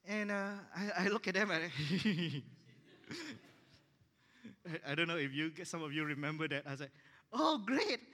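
Man pastor, animated sermon storyteller, bright voice, long reverb of a church hall. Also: a little high, moderate pace, long pauses. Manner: animated, acts out dialogue in his stories.

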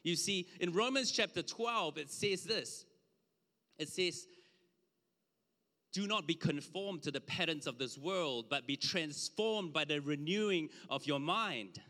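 Male preacher, fairly high, bright and forceful voice, conversational and emphatic sermon delivery in a church hall with long reverb. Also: expressive, a little slow. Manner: conversational, emphatic, drops low to an aside. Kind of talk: sermon with slides.

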